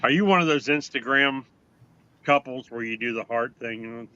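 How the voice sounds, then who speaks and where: A man's voice: medium pitch, normal speed, pushed and bright, clear, resonant tone, lo-fi sound. A man joking around in casual chat among friends, telling crude, profane, rambling anecdotes. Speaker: podcast co-host.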